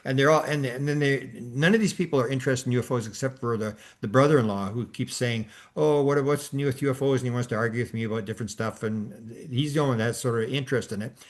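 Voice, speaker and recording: A man's voice: medium pitch, fast talker, few pauses. Rambling older man telling a story. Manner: rambling, many restarts and fillers. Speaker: podcast host. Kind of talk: casual storytelling chat.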